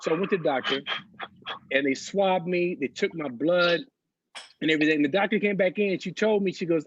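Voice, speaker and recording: A man's voice: on the high side, brisk, dry recording, lo-fi sound. A man in his thirties doing a loose, profane stand-up set over a video call from home, laughing through his stories. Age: 30s. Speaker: stand-up comedian. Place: home, on a couch.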